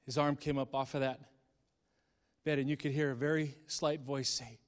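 A man's voice: medium pitch, little pitch movement, moderate pace. Impassioned man telling a story in a hall. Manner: dramatic, swings from hushed to impassioned. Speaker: speaker. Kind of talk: emotional storytelling sermon.

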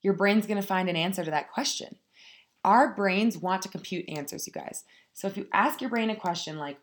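A woman's voice: lowish voice, lively intonation, fairly quick. A woman giving a casual motivational talk, speaking frankly and swearing freely as she addresses her listeners directly. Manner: frank, profane, addresses listeners as "you guys".

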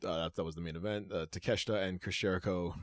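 Deep-voiced rambling man, dry sound. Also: steady tone, fast talker, no room sound. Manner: rambling, full of "uh" fillers, profane. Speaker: podcast co-host. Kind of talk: casual chat.

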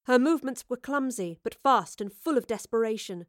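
A woman reading a story aloud in a steady, even narration. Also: on the high side, moderate pace, no room sound, clean studio sound. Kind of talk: audiobook narration.

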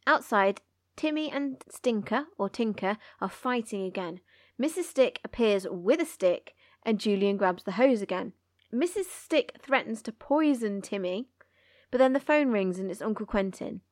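A woman's voice: medium pitch, lively intonation, moderate pace, no echo. Woman, book recap, reads aloud in character voices, dry close sound. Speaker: book podcast co-host. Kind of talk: chapter recap and read-aloud.

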